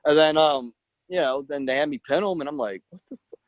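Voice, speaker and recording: A man in an interview rambles through his own story, acting out what people said and filling gaps with "like." His voice sits a little high. The recording is dull and lo-fi, with no room echo. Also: fairly quick. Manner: rambling, acts out quotes, many "like"s. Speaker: guest, professional wrestler.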